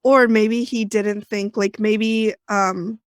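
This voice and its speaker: A woman's voice: mid-range voice, steady tone, slow, no room sound, clean studio sound. A woman co-hosting a casual podcast, throwing in joking asides. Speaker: podcast co-host.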